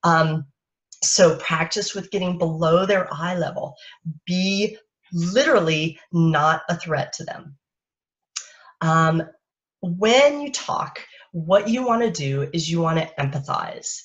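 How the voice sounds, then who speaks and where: A woman parenting coach giving a live-streamed talk in a soft, unhurried, lulling way, speaking into a webcam or phone. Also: on the low side. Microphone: webcam or phone on a live video stream. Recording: dull lo-fi stream audio.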